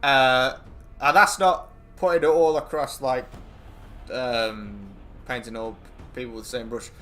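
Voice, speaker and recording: A man, a game streamer chatting casually and rambling excitably, swearing freely as he talks to friends while he plays. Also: mid-range voice, a little slow, soft background music. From England. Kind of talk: casual chat while gaming.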